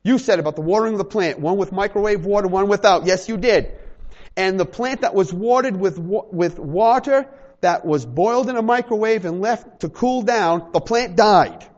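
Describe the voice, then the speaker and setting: A man's voice: high-pitched, normal speed, muffled recording. A man preaching a sermon to a small congregation, acting out little dialogues and joking with the room. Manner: animated, acts out little dialogues, jokes with the congregation. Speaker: pastor.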